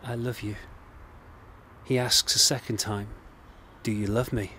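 A man with an English accent, a minister delivering a recorded sermon in an earnest, gently emphatic way with repeated phrases. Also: fairly low pitch, flat delivery, unhurried, slight background noise. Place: indoors, recorded for online service.

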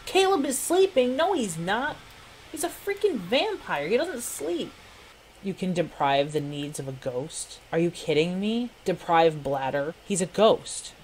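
A woman's voice: fairly low pitch, very animated, unhurried, darkish tone, soft background music. Giggly woman commenting on her game. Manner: giggly, exclamatory, chatty. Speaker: gameplay streamer. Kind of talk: casual gameplay commentary.

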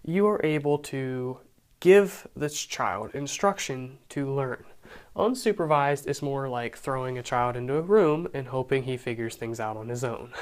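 A young man with a sore, raspy throat, talking quietly and casually as he explains a programming tutorial, with chatty asides. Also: medium pitch. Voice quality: raspy, hushed. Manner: talks quietly, chatty with asides and self-deprecating jokes. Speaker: programming instructor.

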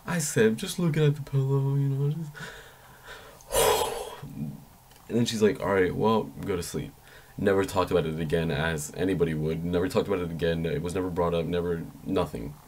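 A young man with a low voice tells a story to his vlog audience in a loose, rambling way. He swears freely and loses his train of thought often. When he quotes his own panicked thoughts, his voice jumps up high. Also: steady tone, normal speed, background noise. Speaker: vlogger.

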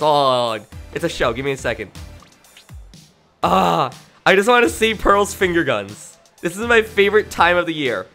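A man's voice: on the high side, very animated, moderate pace, pushed and bright, soft background music. A young man casually streaming a game, tired with a worn voice, loopy and rambling, laughing often.

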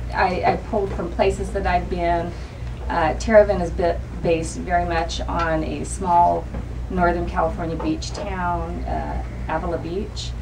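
A woman author answering audience questions at a book event, thoughtful and rambling with many fillers. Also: on the low side. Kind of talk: audience Q&A talk. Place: bookstore event room. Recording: distant mic in a noisy event room.

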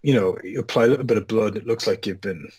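A man, a makeup artist guest on a podcast, telling a long anecdote with many restarts and loud acted-out quotes. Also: fairly low pitch, fast talker. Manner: rambling, lively anecdote teller with many restarts and sudden shouted quotes. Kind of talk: casual storytelling interview.

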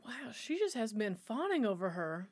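Casting: high-voiced woman, sassy movie-reaction host with an animated delivery. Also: normal speed, noisy background. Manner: chatty, sassy running commentary. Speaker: movie watch-along host. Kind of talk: reacting to a film while watching.

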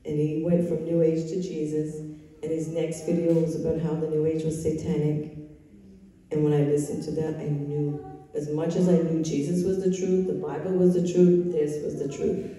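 A woman's voice: sits low, flat delivery, moderate pace, mellow. A woman sharing her personal faith testimony, telling it earnestly and with emotion. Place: live event room. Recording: echoey hall, picked up from far off.

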